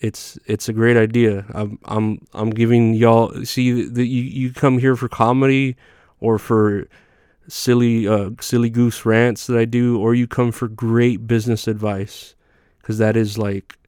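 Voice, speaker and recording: A man's voice: mid-range voice, level tone, measured pace, darkish tone, clean tone, no echo, studio quality. A young man hosting a podcast, rambling through a profane comedic rant with lots of fillers and restarts. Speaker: podcast host.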